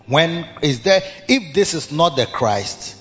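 A man preaching in a church with a slightly high voice that swings widely. He draws out his scripture readings slowly and climbs higher each time he repeats a phrase. The sound is muffled and carries a long hall reverb, with faint music underneath. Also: expressive, fairly bright tone. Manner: reads scripture in slow, drawn-out King James cadence; rises in pitch when repeating phrases for emphasis. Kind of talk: sermon.

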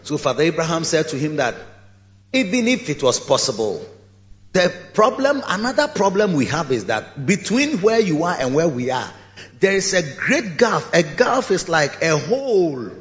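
A man preaching a sermon in a large church, telling the story in a lively way and acting out its scenes. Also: a little high, moderate pace. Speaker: pastor. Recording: echoey hall, dull lo-fi sound.

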